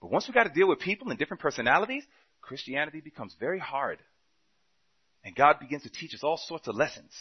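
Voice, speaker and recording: Preacher guy, animated storytelling, bouncy pitch, muffled lo-fi audio. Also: fast talker, husky. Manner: animated storytelling with dialogue and swings between loud and soft. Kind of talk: sermon.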